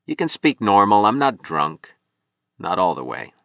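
A man's voice: lowish voice, very animated, unhurried, bright, forceful tone, no echo, studio quality, full character voice. A man reading an audiobook, voicing a bitter, broken young male sculptor who pleads and turns suspicious.

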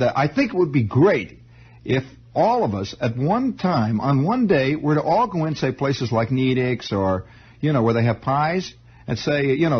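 A man's voice: fairly high pitch, slightly rough. A male radio host telling a digressive story in a monologue, stammering and restarting as he goes. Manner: digressive, animated, self-interrupting with stammered restarts. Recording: muffled 1960s radio broadcast.

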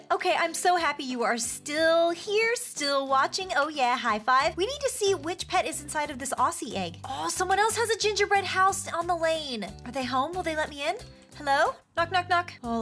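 Gushy woman narrating her game, high voice, gasps a lot, some music under it. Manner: excitable and gushing, with frequent gasps. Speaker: gaming channel host. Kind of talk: playful game commentary.

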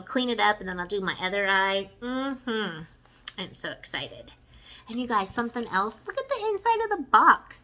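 A woman, chatting excitedly through a makeup tutorial and gushing over the colors. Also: mid-range voice, rough recording. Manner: gushing, excitable, says "you guys" and "y'all". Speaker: beauty vlogger. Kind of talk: casual makeup tutorial chat.

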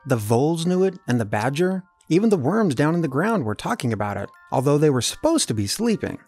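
A man reading a children's storybook aloud, with an animated delivery. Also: fairly high pitch, fairly quick, no room sound, soft background music. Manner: animated, doing character voices. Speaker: storybook reader.

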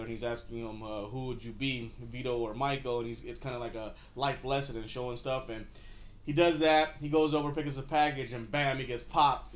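A man hosting a casual TV episode recap, laid-back and rambling, chuckling often as he talks. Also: mid-range voice. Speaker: show host.

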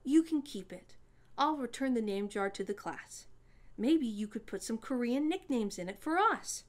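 A woman's voice: a little high, animated, normal speed, voice pushed up, close to an everyday voice. A woman voicing a friendly young schoolboy in a storybook reading, with an upbeat, eager delivery.

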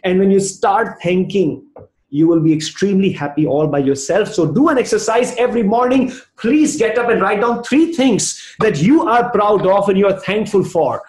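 Indian male trainer, motivational storyteller, higher pitch, roomy echo. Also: lively intonation, normal speed, darkish tone. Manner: storytelling, acting out both sides of a dialogue. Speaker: leadership trainer. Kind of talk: motivational talk.

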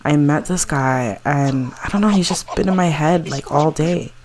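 A woman's voice: low voice, normal speed, a little mellow. A woman voicing an anxious, lovestruck young woman stylist who talks in a flustered, self-doubting way in a life-sim game.

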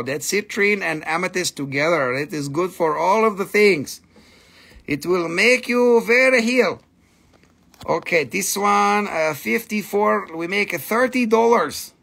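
A man with a fairly high, gravelly, husky voice hosts a live stream selling rocks and minerals. He talks at an unhurried pace, clowning around in mock broken English as he pitches each piece. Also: a bit bright. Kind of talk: live sales stream patter.

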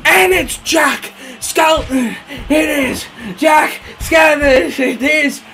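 British guy, high and bright, hammy shouting wrestling commentary, crude and excitable. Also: slow pace, creaky, a crowd in the background. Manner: excitable, swings between yelling and mumbling, crude jokes. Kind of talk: over-the-top play-by-play commentary.

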